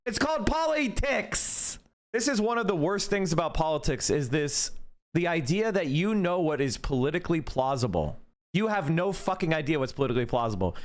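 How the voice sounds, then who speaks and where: A man with a high voice rants about politics on his stream. He is combative and mocking, swearing freely as he hammers his point. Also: a bit bright. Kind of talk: heated political rant.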